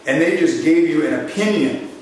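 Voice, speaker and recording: A man's voice: fairly high pitch, normal speed, a little hiss or hum. A man teaching a live sales seminar, telling stories, acting out voices and questioning his audience. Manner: animated storytelling, acts out voices, asks the audience questions. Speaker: sales trainer. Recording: echoey hall, mic from a distance.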